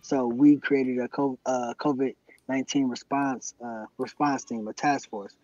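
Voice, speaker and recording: A man's voice: mid-range voice, steady tone, unhurried, darkish tone, dry recording, lo-fi sound. A man being interviewed about his activism, speaking earnestly and gratefully in casual podcast talk, from Cleveland. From Cleveland, USA. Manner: earnest, grateful, frequent affirmations. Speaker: guest activist.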